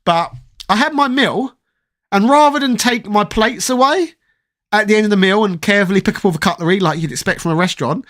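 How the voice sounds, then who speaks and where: Mock-posh Englishman, slightly high voice. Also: fairly quick, a bit bright. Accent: put-on posh English. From southeast London, England. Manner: mock-posh, opinionated, swears freely. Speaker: host reading live chat. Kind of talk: casual livestream chat.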